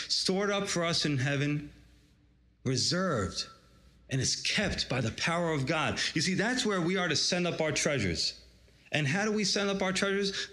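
A pastor preaches in a lively, conversational way, slipping into the voices of the people in his stories. His voice sits a little higher than most men's, and he laughs easily as he talks. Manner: animated storytelling, acts out quoted voices, laughs often. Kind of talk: sermon.

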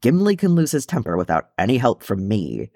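A man reading the part of a ghostly male dwarf king who is gruff but tender, speaking softly. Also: mid-range voice, sing-song, fairly quick, no echo, clean studio sound. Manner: soft, tender.

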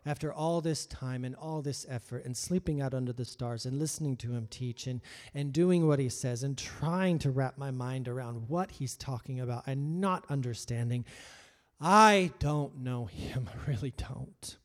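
A man delivers a sermon in an ordinary mid-pitched voice. He slips into the voices of the people in the story, and his volume climbs from soft asides to loud emphasis. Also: normal speed, few pauses. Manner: acts out voices of biblical figures, swings from hushed to loud. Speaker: pastor.

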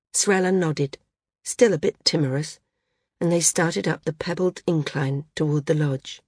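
A woman narrating a novel as an audiobook in a measured storytelling manner. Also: sits low, a little mellow, husky, no room sound, studio quality.

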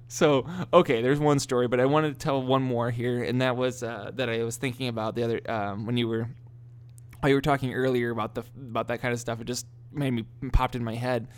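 A man's voice: mid-range voice, fairly quick, clean tone. Guy telling a funny story about his dad on a podcast, laughs a lot, keeps restarting. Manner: animated storyteller, laughs often, many restarts. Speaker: podcast co-host. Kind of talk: casual storytelling chat.

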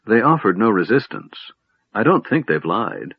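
A man reading an audiobook voices a dutiful male elf scout giving a brisk report. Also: on the low side, wildly swooping pitch, creaky, husky, no echo, lo-fi sound, full character voice.

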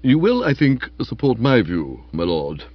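A man voicing a calm, formal manservant who speaks quietly and respectfully, in a dull-sounding recording. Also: mid-range voice, unhurried. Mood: deferential. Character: imperturbable, deferential manservant, man.

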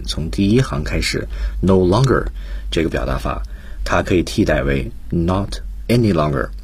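A man's voice: deep voice, a little mellow, slightly rough, no echo. A man teaching English on the radio, patiently explaining and repeating key points in a bilingual lesson.

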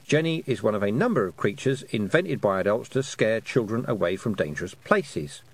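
A man voicing a brisk, sharp-tongued woman who is a witch and a teacher, lecturing precisely in an audiobook. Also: fairly low pitch, animated. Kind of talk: audiobook character voice.

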